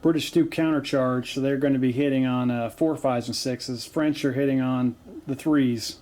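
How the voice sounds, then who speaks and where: A man's voice: mid-range voice, fairly even intonation, normal speed, a little mellow, slight background noise. A man hosting a tabletop wargame battle report, calling dice rolls in a chatty, joking way with lots of fillers. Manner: chatty, jokey, frequent "uh" fillers. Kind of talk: casual battle report commentary. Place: home basement.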